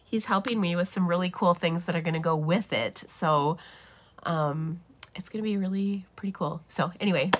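A middle-aged woman with a lowish voice hosts a papercraft livestream at a moderate pace, with slight background noise. Feeling unwell leaves her a bit nasal as she chats enthusiastically, heavy on fillers.

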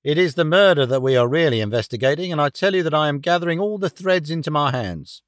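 A man's voice: a little high, no echo, studio quality, lightly acted. A man putting on a boastful police inspector. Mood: dismissive. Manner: brisk, self-satisfied. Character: blustering confident male police inspector.

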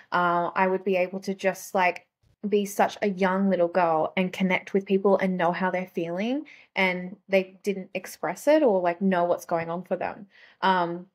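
Young woman guest, slightly low voice, chatty, filler-heavy storytelling. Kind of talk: casual conversational storytelling.

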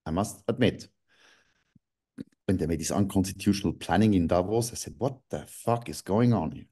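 A man's voice: low-pitched, normal speed, warm tone. A man, a guest on a video call interview, ranting angrily, swearing and breaking into sudden outbursts. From Switzerland.

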